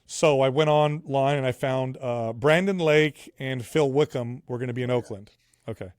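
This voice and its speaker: A man as a podcast guest, telling stories in casual chat, excited and animated. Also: mid-range voice, moderate pace, smooth, dry recording, studio quality. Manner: excited, animated storytelling, says "bro".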